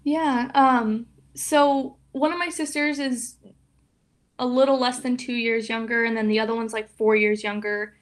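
Young woman guest, kinda high voice, soft and open, lots of ums. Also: fairly even intonation, a little slow. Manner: soft, open, emotional, with many fillers. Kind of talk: casual interview chat.

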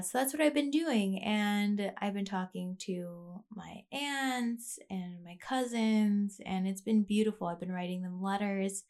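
A young woman hosts her own podcast, speaking off the cuff into a plugged-in mic. She rambles and reflects, circling back through fillers and restarted sentences at a mid pitch. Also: measured pace, few pauses, darkish tone. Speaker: podcast host. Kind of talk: casual personal monologue.

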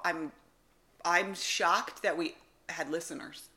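Lively, low-pitched woman trading wry quips. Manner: quick, wry quips and playful banter. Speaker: podcast co-host. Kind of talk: casual podcast chat.

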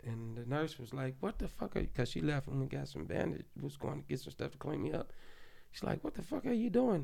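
A man's voice: mid-range voice, gravelly, dark tone. A man, a podcast guest, telling a story in casual chat. His speech is loose and profane, full of "you know what I'm saying.".

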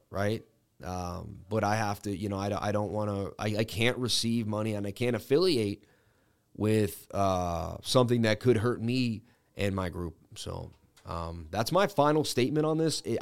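A man hosting a crypto trading livestream, talking in a halting way with many fillers and restarts, and reading news items aloud with his own comments. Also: medium pitch, darkish tone. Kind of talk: casual livestream talk.

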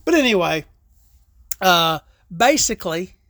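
A woman's voice: fairly low pitch, big pitch swings, measured pace, fairly bright tone, no room sound, studio quality. A woman hosting a podcast, talking in a casual, rambling, profane and joking way. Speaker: podcast host.

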